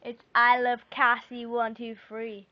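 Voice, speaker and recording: A woman's voice: a little high, monotone, measured pace. A girl, chatting casually and teasing, with giggles and shrieky outbursts. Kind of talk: casual chat. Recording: dull lo-fi home video.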